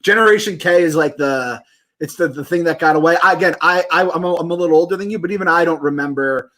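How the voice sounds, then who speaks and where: A man's voice: fairly high pitch, quick pace, fairly bright tone. A young man co-hosting a sports podcast, chatting animatedly with stumbling restarts and casual swearing. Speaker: podcast co-host.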